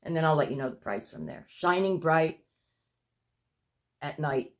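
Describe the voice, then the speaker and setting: Low-voiced lady, kinda breathless, rambling and saying sorry a lot while chatting to her viewers. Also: unhurried. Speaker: vlogger showing her paintings. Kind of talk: casual chat to camera.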